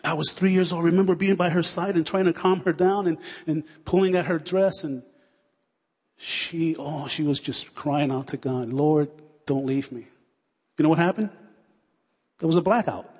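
Fervent husky preacher in a reverberant hall. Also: male voice, fairly high pitch, moderate pace, a little mellow. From United States. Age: 40s. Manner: fervent, repetitive, building to prayer. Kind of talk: sermon. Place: church hall.

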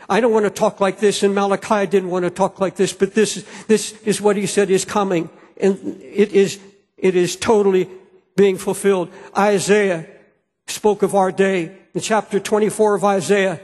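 A man's voice: high-pitched, darkish tone. A man preaching a sermon as pastor, earnest and fervent, often restarting his phrases. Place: church sanctuary. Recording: long hall reverb.

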